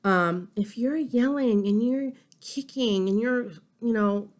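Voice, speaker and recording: A woman's voice: a little high, slow pace. A woman in her thirties, a family support educator, giving a conversational lesson to parents and checking in often with "okay?" and "right?". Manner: warm conversational teaching, frequent "okay?" and "right?" check-ins. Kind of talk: instructional talk to parents.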